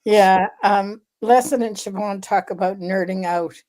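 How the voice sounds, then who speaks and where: A woman co-hosting a candid podcast conversation, explaining in a measured, deliberate way with frequent fillers. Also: medium pitch, darkish tone. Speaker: podcast co-host, researcher.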